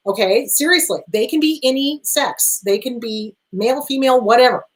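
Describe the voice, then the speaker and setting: A middle-aged woman therapist hosting an advice show, answering viewer questions in an emphatic, animated way and talking straight to the listener. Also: a little high, normal speed, rough recording. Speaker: therapist host.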